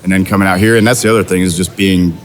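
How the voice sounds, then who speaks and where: A man chatting as a guest on an interview, relaxed and rambling with fillers and restarts. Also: sits low, very fast, slight background noise. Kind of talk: casual interview chat.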